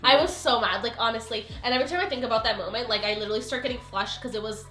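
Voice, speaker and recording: A young woman telling a storytime on her vlog, animated and exclamatory, full of "like" and quick asides. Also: fairly high pitch, soft background music. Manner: animated, exclamatory, filler-heavy retelling. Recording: roomy echo.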